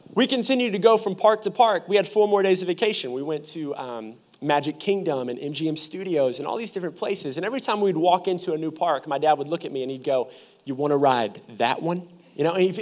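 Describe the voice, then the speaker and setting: A young man in his twenties, a pastor giving a lively, humorous sermon full of personal storytelling. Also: sits high. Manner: animated, humorous, conversational preaching.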